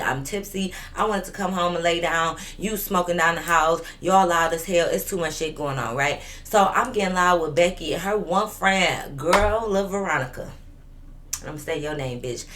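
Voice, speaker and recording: A woman's voice: fairly low pitch, a bit bright. A woman in her twenties telling a storytime vlog in an emphatic, profane, fired-up way. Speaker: vlogger.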